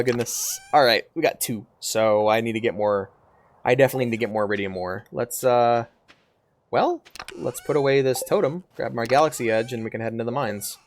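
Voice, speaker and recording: A VTuber streamer at medium pitch offers casual commentary on live gameplay. Playful and giggly, she swears offhandedly and meows every so often.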